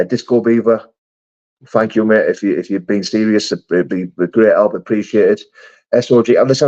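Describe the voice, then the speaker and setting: A man hosts a casual live stream, answering viewer comments in a friendly, matey way. His voice sits fairly low. The audio is dull and lo-fi. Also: a little mellow. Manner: chatty, matey, calls viewers mate and brother.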